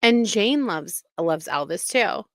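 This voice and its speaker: A woman's voice: mid-range voice, lively intonation, slow, no echo. A woman hosting a casual commentary show, talking in an indignant, emphatic way. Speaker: commentary host.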